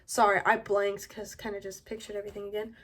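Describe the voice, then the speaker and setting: A young adult woman at home tells a personal story in a halting, casual way, full of fillers. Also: mid-range voice, little pitch movement, fairly bright tone. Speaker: vlogger. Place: at home indoors.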